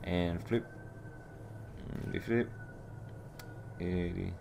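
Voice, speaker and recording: A man's voice: deep voice, slow pace, pauses often, over music. A young man giving casual gameplay commentary, exasperated and sarcastic, swearing at a puzzle he can't solve. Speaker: let's play commentator.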